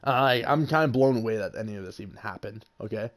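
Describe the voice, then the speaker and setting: A man's voice: on the low side, fast talker. A young man casually telling a story about a confrontation, swearing freely and raising his voice when he quotes people. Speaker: vlogger.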